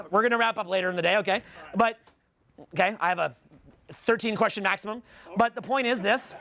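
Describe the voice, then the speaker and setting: A man's voice: high-pitched, bright, forceful tone. A Canadian man in his forties giving a live seminar talk, blunt and profane, firing rhetorical questions at the room. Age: 40s. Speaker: seminar speaker.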